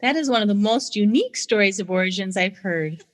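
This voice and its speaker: A woman's voice: medium pitch, lively intonation, a little fast. A woman hosting a podcast interview, greeting guests with enthusiasm. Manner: warm, enthusiastic welcomes. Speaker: podcast host.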